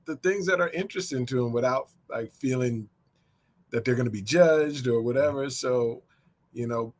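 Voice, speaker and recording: A man's voice: medium pitch, moderate pace. A man who teaches social work, speaking as a guest and thinking his answers through. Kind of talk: interview conversation.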